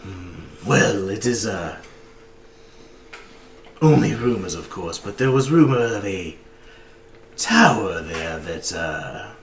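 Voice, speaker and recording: A man's voice: lowish voice, animated, slow, vocal fry, pauses often, echoey room, slight background noise, heavily acted. A man voicing a large, old, doting male orc shopkeeper in a tabletop game, chatty and fussing over his customers. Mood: confiding.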